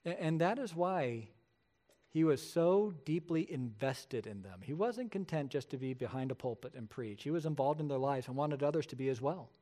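A middle-aged male pastor preaching a sermon, telling stories with lively acted-out quotes. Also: a little high, moderate pace. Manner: animated storytelling, acts out quoted voices.

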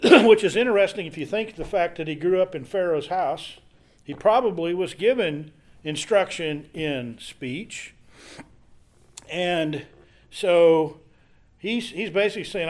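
A man's voice: high-pitched, animated, a little slow. A man leading a casual Bible study, reading scripture aloud and then explaining it in a conversational way.

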